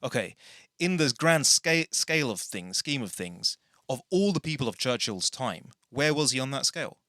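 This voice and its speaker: A man's voice: mid-range voice, animated, moderate pace, sharp tone, no room sound, studio quality. A man hosting a casual podcast, rambling through tangents and correcting himself as he goes. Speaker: podcast host.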